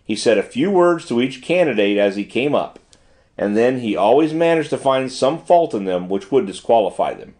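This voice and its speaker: A man's voice: mid-range voice, lively intonation, moderate pace, darkish tone. A man narrating an audiobook in the first person, in formal period prose. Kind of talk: scripted narration.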